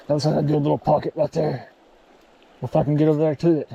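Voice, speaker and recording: Brief: young man, casual outdoor vlogger, high voice, folksy exclamations, faint stream noise. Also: normal speed, creaky, pauses often, a little mellow. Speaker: fly fishing vlogger. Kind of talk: casual outdoor vlog narration. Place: outdoors by a mountain creek.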